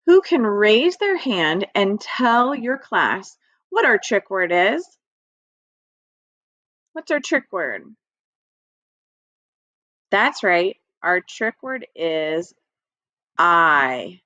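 A woman's voice: mid-range voice, big pitch swings, slow, long pauses, fairly bright tone, no echo. A woman teaching an early-reading lesson to young children in a patient, encouraging way, speaking directly to her students. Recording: dry, slightly dull lo-fi audio.

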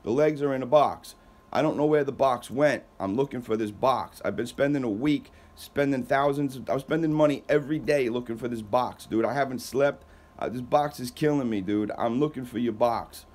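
A man's voice: mid-range voice, moderate pace, darkish tone. Exasperated man on a heated call. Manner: exasperated, defensive, repeats himself and stammers. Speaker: moving company owner.

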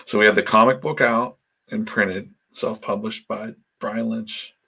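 A man's voice: lowish voice, steady tone, takes it slowly, vocal fry, pushed and bright, husky. A man telling rambling anecdotes in casual chat while he draws comics on a live stream, acting out the voices of the people in his stories. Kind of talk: casual storytelling while drawing.

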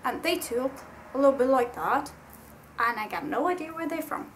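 A woman's voice: high-pitched, animated, moderate pace, a bit bright, a little hiss or hum. A woman YouTuber chatting to camera in a casual vlog, rambling and poking fun at herself. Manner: rambling, chatty and self-deprecating.

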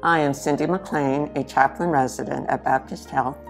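Low, gravelly woman reading scripture. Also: normal speed, soft background music. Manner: steady, formal reading aloud. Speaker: chaplain resident.

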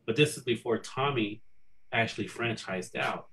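Man, at home, video call, fond reminiscing, bright tone. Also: medium pitch, rough recording. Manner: warm, amused, quick asides. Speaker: panel guest, family member.

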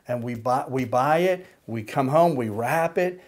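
Older male pastor, slow measured sermon delivery, mid-pitched voice, pauses for emphasis. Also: expressive. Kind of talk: sermon with prayer.

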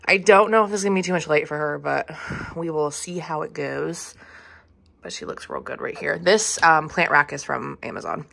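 Give me a chatty woman in her thirties with a low-ish voice, casually touring her room with lots of ums. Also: lively intonation, moderate pace, gravelly, fairly bright tone, a little hiss or hum. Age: 30s. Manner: chatty and offhand, swearing, many ums. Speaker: streamer giving a room tour. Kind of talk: casual room tour vlog.

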